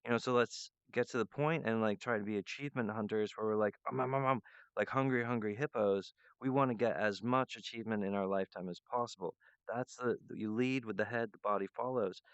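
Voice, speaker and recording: A man's voice: on the low side, a little fast, smooth, no room sound. A man hosting his own show, talking in a loose, meandering solo monologue that drifts from idea to idea. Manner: meandering, loose and free-associating. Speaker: show host. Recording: dull lo-fi dry recording.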